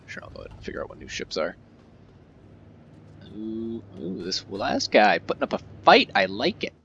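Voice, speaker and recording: A man's voice: medium pitch, huge pitch swings, a little fast, gravelly, a bit bright, slightly rough, dull audio. A man casually commentating his own strategy game playthrough, chatty and joking with viewers. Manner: chatty, jokey, reacts aloud to the game. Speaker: let's-play host.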